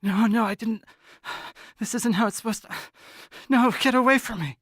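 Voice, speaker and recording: A man voicing a frightened young woman who thrashes and mutters fast and urgently under her breath. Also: fairly high pitch, dry recording, clean studio sound, voice pushed up. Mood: frantic.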